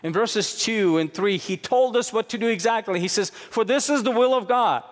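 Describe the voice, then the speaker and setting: Earnest male preacher in a reverberant hall. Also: moderate pace. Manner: earnest preaching, swinging between hushed low stretches and raised emphatic questions. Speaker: pastor. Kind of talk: sermon.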